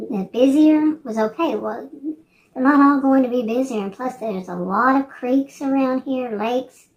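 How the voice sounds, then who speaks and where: An older woman in her sixties rambles through a relaxed chat for her vlog. Her voice sits a little high, and she drifts between thoughts with frequent fillers and false starts. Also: muffled recording. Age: 60s. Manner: meandering, hesitant, many restarts and fillers. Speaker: vlogger.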